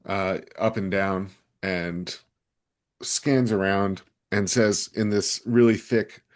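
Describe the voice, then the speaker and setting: Slow, low-voiced man describing his character. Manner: halting, filler-heavy description. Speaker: player. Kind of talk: playing a tabletop game.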